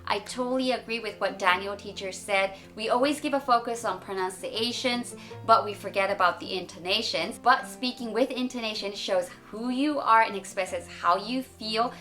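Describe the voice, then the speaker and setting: A woman in her thirties from Wales, giving a clear, expressive English lesson to camera. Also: mid-range voice, normal speed, hardly any pauses, soft background music. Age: 30s. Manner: clear, expressive teaching delivery. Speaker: English teacher.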